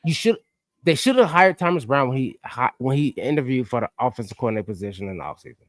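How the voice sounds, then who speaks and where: A man co-hosting a sports podcast, ranting excitably and swinging between loud outbursts and quiet asides. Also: mid-range voice, fast talker, no room sound, studio quality. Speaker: podcast co-host. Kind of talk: animated sports podcast chat.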